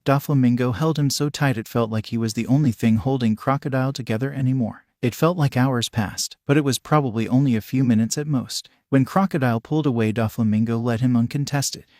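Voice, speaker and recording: A man narrating a fanfiction story in an even, steady reading voice. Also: mid-range voice, fairly quick, hardly any pauses, no room sound, studio quality.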